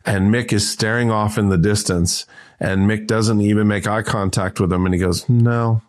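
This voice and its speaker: A man in his fifties, a guest on an interview, telling anecdotes in a lively, restart-heavy way. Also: fairly low pitch, normal speed. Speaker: guest, entrepreneur and author. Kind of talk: casual interview storytelling.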